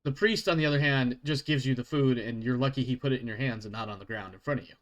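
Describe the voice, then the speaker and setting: A man's voice: medium pitch, fast talker. A man narrating as game master in a casual, joking, profane way.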